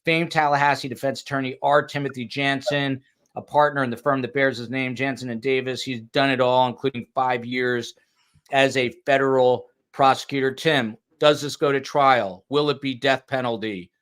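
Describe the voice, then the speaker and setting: This man's clean, slightly bright voice sits at medium pitch, holding a steady tone at normal speed. He hosts a true crime podcast, chatting casually, joking about himself and reading out comments from viewers.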